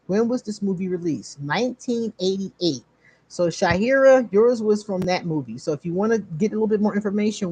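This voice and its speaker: Laughing animated woman reading cards. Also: mid-range voice, slightly rough, no room sound. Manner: animated, laughs often, drawn-out emphasis. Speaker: host doing card readings for viewers. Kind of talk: casual live-stream chat.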